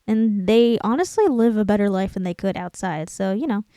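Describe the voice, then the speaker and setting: A young woman talks through a film in a loose, rambling way. She breaks off to hunt for the right word and pokes fun at herself. The sound is dry and close, with her voice sitting at a middle pitch. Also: expressive, normal speed, warm tone, dry recording. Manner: rambling, self-deprecating, searching for words aloud. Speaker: channel host. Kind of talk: casual film commentary.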